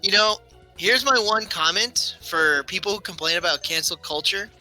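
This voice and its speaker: A man's voice: high voice, moderate pace, sharp tone, poor audio. A man co-hosting a casual game stream, giving firm opinions with lots of fillers. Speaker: co-host. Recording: faint game music behind.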